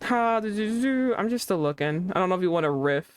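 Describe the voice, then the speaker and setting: A young woman hosting a casual livestream chat, excitable, swearing and breaking into laughing outbursts. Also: on the low side, fast talker, clean tone, soft background music. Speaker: streamer host.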